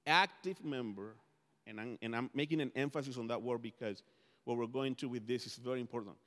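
A man's voice: medium pitch, fairly even intonation, fast talker. A man whose first language is Spanish, preaching a conversational sermon as pastor, often restarting his phrases. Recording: long hall reverb.

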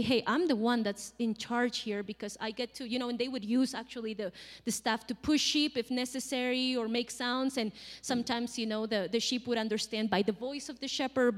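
A woman giving a sermon in a conversational, animated way, acting out quotes and laughing now and then. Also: a little high, big-room sound. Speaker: preacher.

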